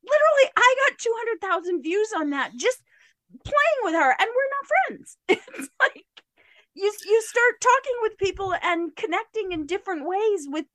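A woman's voice: very high voice, big pitch swings, moderate pace, a bit bright, no echo. A woman co-hosting a podcast, chatty and laughing often. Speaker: podcast co-host. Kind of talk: casual chat.

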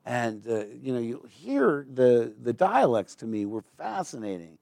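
A man's voice: medium pitch, very animated, a little slow, creaky, a little mellow, no echo. A man, a guest actor in a live on-stage conversation, telling rambling, digressive stories and slipping into mimicked accents. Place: stage before a live audience.

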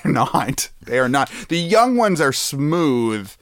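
A man's voice: mid-range voice, sing-song, slow, dry recording, studio quality. Playful man hosting a podcast. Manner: playful, joking, laughs often. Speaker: podcast host. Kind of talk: casual chat.

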